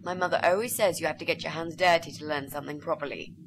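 A woman's voice: sits low, fairly even intonation, fast talker, noisy background. An actress voicing an eager, polite young female student in a video game, speaking. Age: young adult. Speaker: game character.

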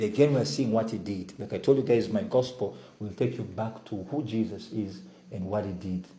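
A man's voice: lowish voice, normal speed, hardly any pauses, roomy sound, low-quality recording. A man preaching a sermon as pastor, asking his congregation questions and drawing replies. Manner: lively, call-and-response with the congregation. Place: church.

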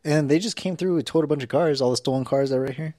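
A man's voice: on the high side, fast talker, warm tone, no echo, clean studio sound. A young man co-hosting a podcast, easygoing in casual chat and often giving short agreeing replies. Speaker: podcast co-host.

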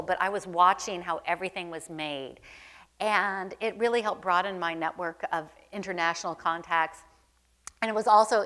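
A woman's voice: mid-range voice, a bit bright. A middle-aged woman, a museum curator in an onstage conversation, telling anecdotes in a chatty, self-deprecating way with frequent ums. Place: museum event space before an audience.

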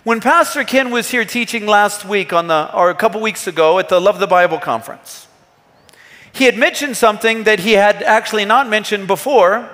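A man's voice: high voice, moderate pace, a bit bright. A man in his thirties, a pastor, preaching an earnest, emphatic sermon with rhetorical questions. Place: church hall. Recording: long hall reverb.

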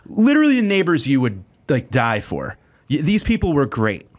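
A man's voice: a little high, huge pitch swings, normal speed. A man who is a comedian guest, telling self-deprecating comic anecdotes in casual chat.

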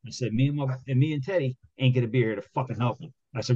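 A man co-hosting a podcast who tells a rambling work story full of swearing, getting worked up and loudly acting out his own arguments. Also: medium pitch, quick pace. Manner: heated, rambling, swears constantly, acts out quoted arguments loudly. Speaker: podcast co-host. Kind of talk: casual profane storytelling. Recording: dull lo-fi sound.

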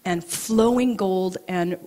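A middle-aged woman telling personal stories at a live event, animated and acting out both sides of her conversations. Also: medium pitch, slow. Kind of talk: live storytelling talk. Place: event venue, audience present.

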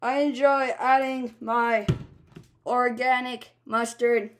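A woman vlogger chatting playfully to the camera as she makes a sandwich, with sudden loud exclamations. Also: on the high side, fairly even intonation, slow pace, a little hiss or hum. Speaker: vlogger and entertainer. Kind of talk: casual talk to camera while making a sandwich.

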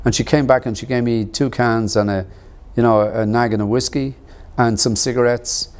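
A middle-aged man, telling his life story in an interview, measured and earnest, with pauses and fillers. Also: medium pitch, steady tone, clear, resonant tone. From Ireland. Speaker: actor and author interviewed about his book. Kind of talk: reflective personal storytelling.

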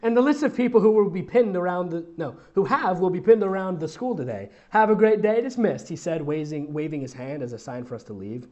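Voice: medium pitch, animated, fast, hardly any pauses, mellow, dull audio. A fanfic reader giving a mocking comedic reading, breaking off for sarcastic asides and frequent laughter.

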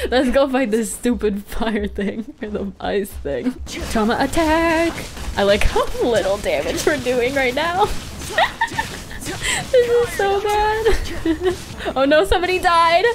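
A young woman gaming streamer giving dramatic, excitable commentary, often squealing and laughing, on a desk microphone. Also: high-pitched, slow pace. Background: faint game music.

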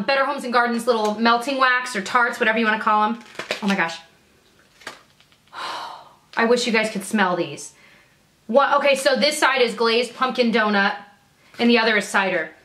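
A woman vlogging as she opens mail, gushing and excitable and laughing often; she works as a teacher. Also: on the high side. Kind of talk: casual unboxing chat. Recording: echoey room, faint noise.

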